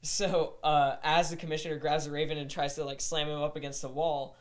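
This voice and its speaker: Guy recapping his turns in the game, chill, kinda highish voice. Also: little pitch movement, a little fast. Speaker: player and podcast guest. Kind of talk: casual podcast chat.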